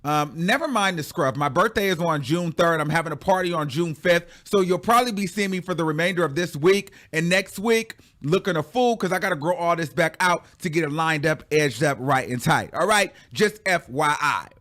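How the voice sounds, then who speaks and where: A male host chatting through pop-culture gossip with plenty of sass, his voice sitting a bit higher than most men's. He drags words out for emphasis and laughs easily as he goes, loose and conversational. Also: normal speed, few pauses. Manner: animated and sassy, stretching out words for effect; laughs often while talking. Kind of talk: casual chatty commentary.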